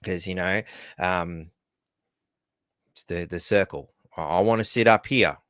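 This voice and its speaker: A man's voice: low voice, measured pace, fairly bright tone, clear, resonant tone, no room sound. An Australian man hosting a solo news commentary, talking sarcastically with many asides and fillers. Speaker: host.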